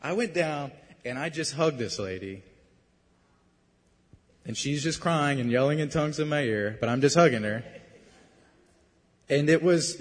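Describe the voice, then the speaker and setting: A man preaching, telling a story in a casual, animated and self-deprecating way. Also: on the high side, normal speed, pauses often, big-room sound. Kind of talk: sermon storytelling.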